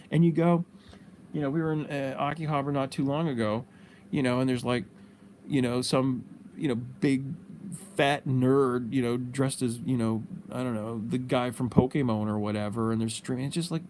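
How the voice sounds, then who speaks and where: A man's voice: mid-range voice, dark tone, a little hiss or hum. A middle-aged man hosting a casual livestream, rambling and swearing freely, with lots of "you know". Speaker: livestream host.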